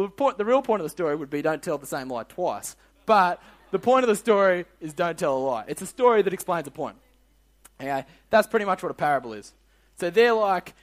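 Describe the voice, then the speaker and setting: A young Australian man leading a kids' Bible lesson with a high, bouncy voice. He talks in energetic slang and keeps firing questions at the group. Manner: energetic, slangy, quizzes the audience. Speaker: youth leader.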